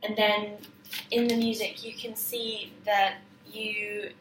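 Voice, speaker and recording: A woman's voice: mid-range voice, little pitch movement, takes it slowly, fairly bright tone. A woman explaining a stage role to her own camera, hesitant, with many fillers and restarts. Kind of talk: informal spoken explanation to camera. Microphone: self-filmed camera or phone. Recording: roomy, distant, faint background noise.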